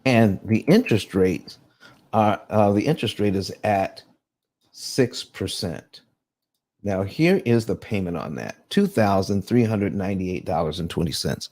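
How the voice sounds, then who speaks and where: A man's voice: fairly low pitch, lively intonation, measured pace, darkish tone. A man hosting a live online room on paying off mortgages, talking loosely with many restarts and greeting listeners by name. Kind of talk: casual live room hosting, explaining finance.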